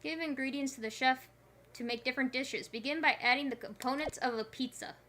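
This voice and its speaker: A woman's voice: high voice, brisk, sharp tone, a little hiss or hum. A woman streaming a puzzle game, chatting casually with playful, rambling asides. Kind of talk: casual gameplay commentary.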